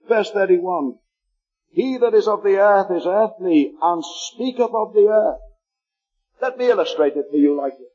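A man from Liverpool, England, with a Liverpool accent, preaching a fervent sermon and slowing down to read scripture aloud. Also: high voice, a little mellow, husky, muffled recording.

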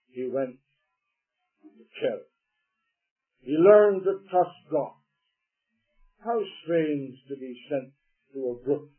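A man preaching a sermon emphatically, rising to loud declarations and dropping to low asides. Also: slightly rough. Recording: tinny, phone-like old sermon recording.

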